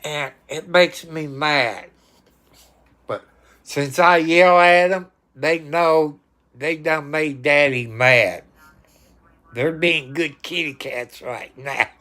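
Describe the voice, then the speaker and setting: A man with a slow, somewhat high voice chats casually on a livestream. Every so often he turns to talk to his cats, sometimes scolding them loudly.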